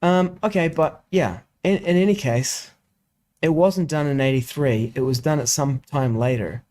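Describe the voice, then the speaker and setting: A man's voice: a little high, normal speed, a little mellow. Talkative man explaining text edits. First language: English. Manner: explanatory, thinks aloud with many restarts. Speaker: co-host discussing scripture editions. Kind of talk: casual study discussion.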